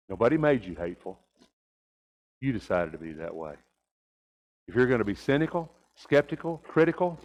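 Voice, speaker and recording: A man's voice: lowish voice, dull audio. An older man preaching a Sunday sermon, telling folksy stories and rising to emphatic points.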